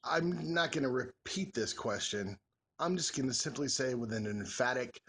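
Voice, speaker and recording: A man's voice: medium pitch, animated, moderate pace, fairly bright tone, breathy edge. A man in his forties chatting casually as a vlogger, answering follower questions in a joking, rambling, folksy way. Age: 40s. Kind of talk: casual Q&A chat.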